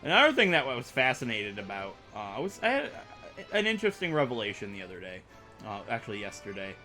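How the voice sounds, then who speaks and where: A man's voice: mid-range voice, wildly swooping pitch, quick pace, sharp tone, soft background music. A young man rambling through let's play commentary, chatty and self-mocking as he plays. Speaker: gaming YouTuber.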